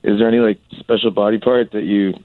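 A man calling in to a radio show, relaxed and casual. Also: lowish voice, quick pace, no echo. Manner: laid-back, casual. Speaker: caller. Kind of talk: phone-in chat. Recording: tinny phone line.

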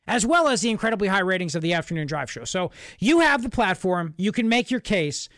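Emphatic high-voiced male radio host. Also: a bit bright, dry recording. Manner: emphatic, repetitive, sarcastic. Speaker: radio talk show host. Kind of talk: political talk radio monologue. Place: radio studio. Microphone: studio microphone.

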